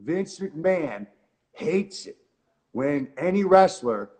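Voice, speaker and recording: A guest wrestler with a slightly high voice and a Southern Californian accent tells a story casually at a slow pace during an interview. He's profane and excitable, cursing often and saying "like" and "man" a lot.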